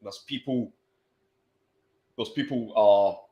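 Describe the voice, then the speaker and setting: A man's voice: fairly low pitch, slow pace, dark tone, reverberant, muffled recording. A Scottish man co-hosting a casual football podcast, laid-back and stammering on his starts, with the odd swear. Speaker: podcast co-host.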